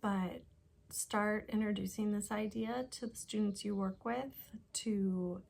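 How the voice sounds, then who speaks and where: A woman literacy interventionist explaining a spelling lesson in a patient, deliberate way, dropping to soft asides now and then. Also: mid-range voice, steady tone, gravelly, slight background noise. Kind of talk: explanatory teaching talk.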